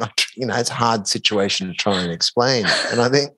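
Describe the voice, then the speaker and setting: A man, a podcast guest telling a story in a casual, animated way and laughing as he goes. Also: mid-range voice, fast talker, hardly any pauses. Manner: animated, laughs through his own story.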